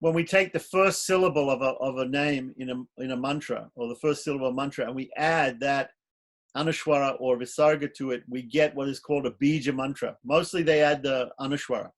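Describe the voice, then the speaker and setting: A man's voice: medium pitch, fairly even intonation, a little fast. Man teaching a class on mantras. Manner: explanatory, chants mantras aloud. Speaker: teacher of ritual. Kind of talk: online class lecture.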